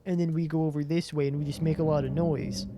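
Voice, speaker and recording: A man's voice: a little high, level tone, fast talker. Man, tabletop player, laid-back slangy talk, frequent laughter, noisy mic, clicks behind. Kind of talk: casual tabletop game chat.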